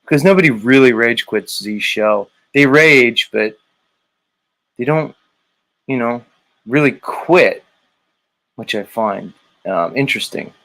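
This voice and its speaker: A man's voice: mid-range voice, lively intonation, pushed and bright, poor audio. A man hosting a livestream in a casual, teasing way, greeting viewers and reading their comments aloud. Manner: teasing, drawn-out, laid-back. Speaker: livestream host.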